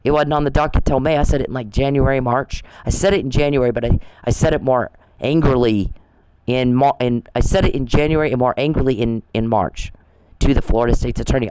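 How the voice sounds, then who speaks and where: A man's voice: medium pitch, quick pace, darkish tone, clean tone, no echo, rough recording. A man giving casual ranting commentary, profane and repetitive, often restarting his sentences. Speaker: commentator on a dispute.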